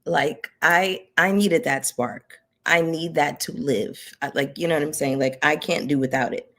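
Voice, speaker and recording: A woman's voice: sits low, unhurried, fairly bright tone. A young woman who runs a reality TV commentary channel, chatting casually and heartfelt to her audience with lots of filler words. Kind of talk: casual direct-to-camera chat.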